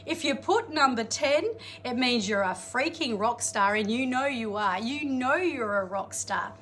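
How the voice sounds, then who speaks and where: A woman, coaching an audience in a chatty, energetic live-streamed motivational talk, greeting viewers and laughing often. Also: a little high, a little slow, a little hiss or hum. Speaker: life coach.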